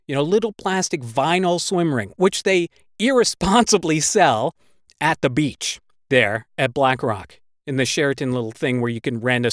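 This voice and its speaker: A man's voice: a little high, no room sound, clean studio sound. Swearing man telling a dramatic story. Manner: swears constantly, breathless retelling; emotional, gets worked up. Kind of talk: personal storytelling.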